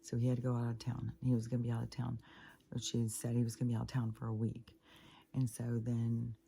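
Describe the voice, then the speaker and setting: A woman's voice: very deep voice, completely flat delivery, fast, gravelly, dark tone. An older woman venting in a rambling personal monologue for her spiritual vlog, swearing freely as she talks. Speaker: spiritual vlogger.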